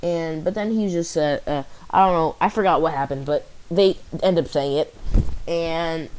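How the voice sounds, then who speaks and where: A man's voice: a little high, a little hiss or hum, low-quality recording. Guy rambling thru a fan story, lots of likes and um, keeps restarting. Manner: rambling, halting, full of "like" and restarts. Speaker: channel host. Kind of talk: casual fan-story retelling.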